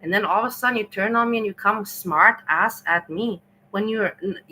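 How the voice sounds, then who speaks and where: A woman's voice: mid-range voice, sharp tone, a little hiss or hum, rough recording. A woman hosting a livestream, ranting indignantly and scolding someone over and over. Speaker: livestream host.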